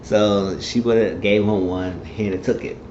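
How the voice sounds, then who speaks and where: A man's voice: lowish voice, steady tone, a little slow, darkish tone, slight background noise. A man casually recapping a TV episode, rambling through the plot and acting out the characters' lines in shifting voices. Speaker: TV show reviewer. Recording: dull, echoey room recording.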